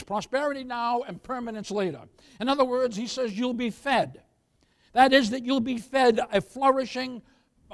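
An older man preaching with a high, ringing voice, pushing phrases louder and calling for an amen. He shifts into a soft, chuckling storyteller tone when telling anecdotes. The delivery is that of a pastor working a congregation. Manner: preaching with rising emphasis and call-and-response "amen". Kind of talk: sermon.

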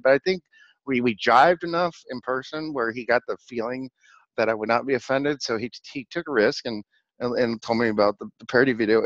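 A man hosting his own channel, telling a rambling, excitable story in a casual vlog recap, laughing often and repeating words as he goes. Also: mid-range voice, no echo. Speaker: channel host. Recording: dull lo-fi dry recording.

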